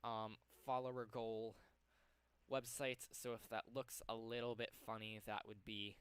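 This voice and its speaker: Young guy streaming from home, kinda out of breath, slow rambly talk, smooth clean voice. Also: lowish voice, level tone, a bit bright, dry recording. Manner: rambling, lots of ums, talks to himself while working. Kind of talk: casual live-stream chat.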